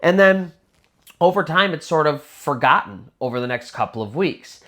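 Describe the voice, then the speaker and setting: A man's voice: a little high, lively intonation, moderate pace, pushed and bright. A man telling a spooky true story in a casual, conversational way, full of little fillers. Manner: conversational, many fillers like "kind of" and "sort of".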